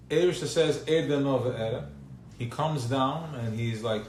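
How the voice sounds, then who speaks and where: A man giving an informal religious talk at a gathering, animated and full of rhetorical questions. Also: mid-range voice, a little slow. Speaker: speaker at a gathering. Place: gathering hall. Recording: echoey live room, faint noise.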